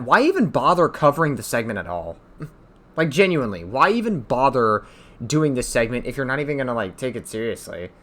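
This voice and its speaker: A man delivering heated reaction commentary, his pitch swinging widely as he grows exasperated. He swears freely and circles back to the same points again and again. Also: a bit bright. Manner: heated, exasperated ranting with profanity. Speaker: commentary streamer.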